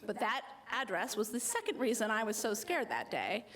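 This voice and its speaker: American woman telling a true story live, lively and self-mocking, does little voices for people. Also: a little high, moderate pace. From United States.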